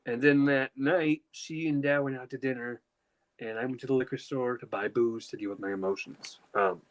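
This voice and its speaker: A man's voice: medium pitch, steady tone, moderate pace, rough recording. A young man telling a personal story in casual chat, emotional and rambling, with lots of fillers and restarts. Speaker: podcast host.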